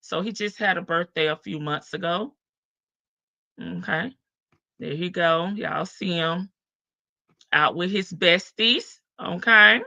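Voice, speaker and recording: A woman's voice: on the low side, takes it slowly, creaky, long pauses, pushed and bright, dry recording. A woman hosting a casual livestream, reading chat comments aloud and chatting with viewers. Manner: chatty, reads comments aloud, laughs often.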